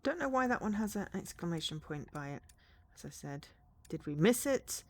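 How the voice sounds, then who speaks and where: Lower-pitched woman streaming a game. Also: big pitch swings, normal speed. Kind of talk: casual game commentary.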